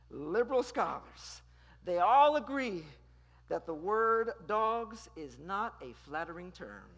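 A preacher delivering a sermon, dramatic and questioning, who swings between loud declarations and hushed lines. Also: mid-range voice, slightly rough. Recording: long reverb in a large hall.

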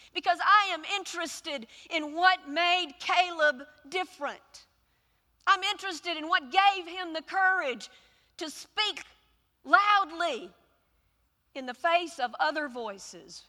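High, bright-voiced woman preaching slowly. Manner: dramatic, emphatic storytelling with slow repeated phrases. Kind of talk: sermon. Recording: echoey hall reverb.

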